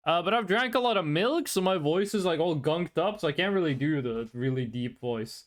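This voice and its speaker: A VTuber streamer chatting casually and playfully with viewers during a live stream, quick to laugh. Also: medium pitch, expressive.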